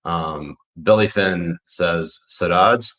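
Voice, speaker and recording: Male podcast co-host with a very low voice, blunt and profane, loose rambling delivery. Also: normal speed, rough recording. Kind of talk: casual political podcast chat.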